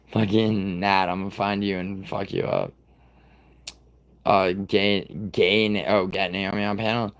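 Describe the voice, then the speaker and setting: A man's voice: low voice, level tone, takes it slowly, long pauses. A man in his thirties hosting a livestream, chatting casually with viewers in a rambling, profane way. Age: 30s. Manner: profane, rambling, talks to chat by name. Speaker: livestream host.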